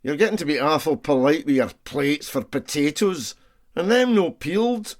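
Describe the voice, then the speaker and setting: A man's voice: fairly high pitch, lively intonation, normal speed, voice pushed up, natural voice. Man doing a breezy Scottish ship's cook. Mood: scoffing. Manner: breezy, affable, raised voice. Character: cheerful slapdash male ship's cook, breezy.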